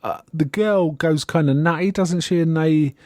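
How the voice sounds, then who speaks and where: A man's voice: a little high, moderate pace, darkish tone, no echo. A man casually recapping a TV episode on a podcast, rambling and amused and often trailing off mid-sentence. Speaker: podcast co-host.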